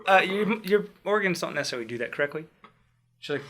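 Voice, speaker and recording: A man who coaches tricking athletes, telling a personal story in casual chat, animated and laughing often with loose swearing. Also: on the high side, quick pace.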